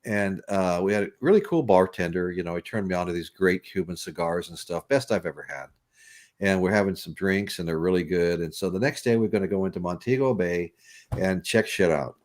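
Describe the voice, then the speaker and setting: A low-pitched, brisk man hosts a podcast and works through a long tale casually. He rambles, keeps starting over, and laughs often.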